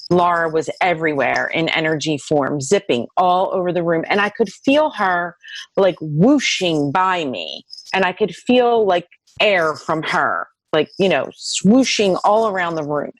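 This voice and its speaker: A middle-aged woman telling her own near-death story in an interview, lively and full of "like" fillers. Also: unhurried, no room sound. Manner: lively, acts out dialogue in high voices, many "like" fillers.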